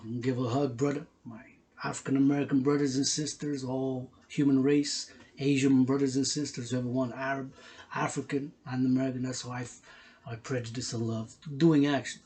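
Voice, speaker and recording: A man's voice: mid-range voice, darkish tone. A man giving a rambling, emotional vlog monologue, repeating himself, swearing freely and talking in casual street slang. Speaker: workout video host.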